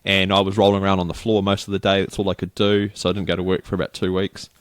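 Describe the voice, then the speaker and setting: A man's voice: sits low, monotone, fast talker, clean tone, dry recording. A middle-aged New Zealand man chatting casually as a podcast co-host, rambling through a story and acting out the people in it. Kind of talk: casual chat.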